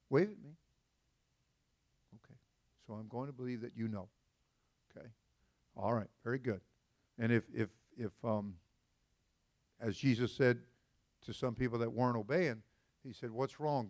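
A man in the pulpit as senior pastor, talking with his congregation more than at it. He slips into folksy, joking asides and then comes back to his point. His voice sits at an ordinary middle pitch. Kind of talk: conversational sermon. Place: church sanctuary.

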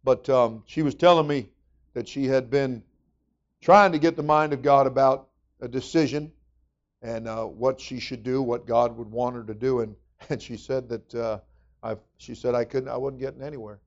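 A man's voice: medium pitch, steady tone, moderate pace, lo-fi sound. A man preaching a sermon as pastor, folksy and conversational with emphatic rising bursts.

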